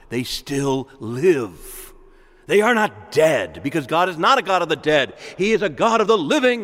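A man's voice: on the high side, big-room sound. A man preaching a sermon, emphatic and reasoning with his listeners. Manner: emphatic, rising and falling delivery.

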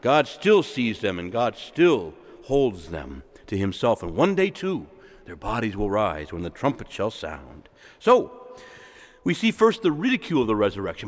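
A man's voice: medium pitch, big-room sound. A man preaching a sermon, emphatic and reasoning with his listeners. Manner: emphatic, rising and falling delivery.

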